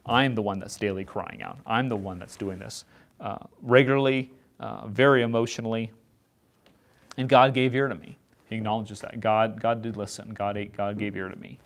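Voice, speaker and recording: A man leading an informal Bible study, talking in a halting way and often repeating words as he restarts his sentences. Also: lowish voice. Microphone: set up far from the speakers.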